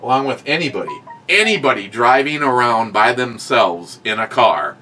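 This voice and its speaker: A man co-hosting a casual chat, ranting and swearing as he tells animated stories. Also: mid-range voice, moderate pace, slight background noise. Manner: ranting, profane, animated storytelling. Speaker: podcast co-host.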